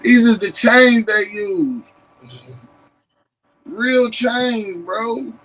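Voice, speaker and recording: A man with a Tennessee accent showing off maps and artifacts in a casual vlog, animated and emphatic, breaking into shouts. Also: very high voice, drawn-out words, poor audio. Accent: Southern US, Tennessee. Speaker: history vlogger. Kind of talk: excited casual show-and-tell.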